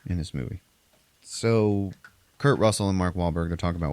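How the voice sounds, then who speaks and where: A man hosting a podcast, casually retelling a movie plot in a rambling, profane way and briefly acting out characters in exaggerated high voices. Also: quick pace, darkish tone, dry recording. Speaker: podcast host recapping a movie. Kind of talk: casual chat.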